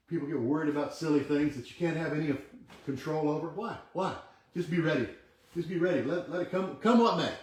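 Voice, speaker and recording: Fairly high-pitched and animated, a motivational livestream host speaks fairly quickly as he earnestly coaches his audience and pushes them to repeat affirmations along with him. The sound comes through a camera mic he steps away from, in a room with echo.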